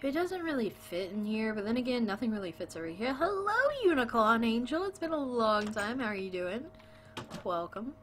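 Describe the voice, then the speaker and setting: A woman's voice: mid-range voice, expressive, a little fast, a little hiss or hum. Playful woman chatting on a game stream. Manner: playful, chatty, greets viewers and jokes with them. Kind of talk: casual live-stream chat while gaming.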